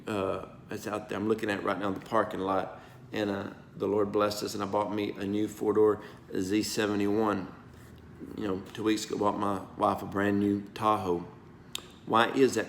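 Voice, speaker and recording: A man preaching an informal prophetic message, folksy and emphatic, his voice going from soft to loud. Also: lowish voice. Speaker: pastor. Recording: roomy echo, faint background noise.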